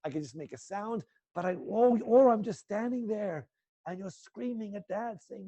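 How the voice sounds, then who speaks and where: A male acting teacher guiding students through an intense exercise, swinging between low muttered lines and loud coaching. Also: normal speed, dull audio. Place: indoor room.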